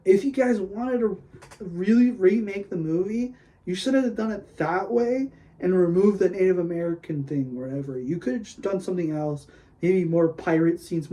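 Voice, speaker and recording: Excitable, rambling man, mellow voice. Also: high-pitched, normal speed, rough recording. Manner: excitable, rambling, lots of "like" and "dude"; gushing, then griping. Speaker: podcast host. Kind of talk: casual solo podcast rant.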